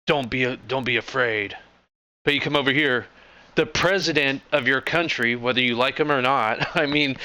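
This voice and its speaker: A man vents in an off-the-cuff rant, sarcastic and fed up, swearing as he rambles. His voice is bright and forceful, with a smooth, resonant clarity. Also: mid-range voice. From United States. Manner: indignant, sarcastic, profane, rambling with frequent fillers. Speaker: political commentary vlogger. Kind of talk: casual ranting monologue.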